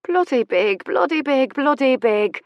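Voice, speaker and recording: A woman's voice: high voice, expressive, measured pace, no echo, highs cut off, pitched above the performer's own voice. A woman voicing a flustered former courtesan, now a countess, blurting oaths in an Irish accent. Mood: startled.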